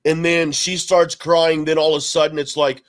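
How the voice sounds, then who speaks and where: A blunt man co-hosting a podcast, speaking a touch higher than most men. He chats casually but with an edge, swearing, saying "dude" and circling back over his points. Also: flat delivery, normal speed. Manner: blunt, swears, says "dude", repeats himself. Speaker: podcast co-host. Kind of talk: casual chat.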